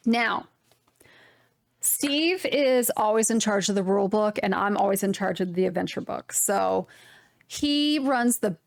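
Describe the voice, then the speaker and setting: A young adult woman hosting a knitting podcast, chatting casually in a rambling, animated way. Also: fairly high pitch, dry recording, clean studio sound. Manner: rambling, animated, swearing mildly. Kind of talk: casual chat to camera.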